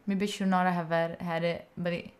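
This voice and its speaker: A woman's voice: on the low side, level tone, normal speed. A young woman with an Italian accent, chatting casually as a livestream host at home, swearing freely and reacting to her chat. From Italy. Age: young adult. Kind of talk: casual chat with live viewers. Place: room at home.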